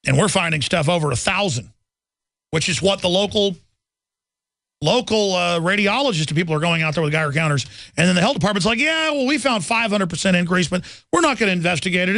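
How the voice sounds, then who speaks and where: A man's voice: fairly high pitch, vocal fry, fairly bright tone, no room sound. A man hosting a talk radio show, ranting intensely and mocking officials in exaggerated voices.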